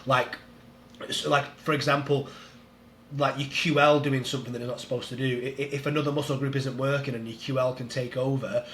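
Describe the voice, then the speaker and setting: A man's voice: medium pitch, flat delivery, fairly quick, a bit bright, slight background noise. A man, a strength coach, chatting in an interview, explaining things eagerly and laughing at himself. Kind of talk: casual interview chat. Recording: roomy echo.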